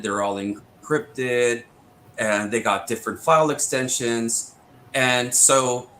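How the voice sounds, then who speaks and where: A man's voice: mid-range voice, a bit bright, slight background noise, low-quality recording. A man, a veteran guest on an interview show, telling his own story and quoting the back-and-forth of past arguments in an indignant, insistent way. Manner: retells exchanges with quick back-and-forth quotes. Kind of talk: first-person storytelling.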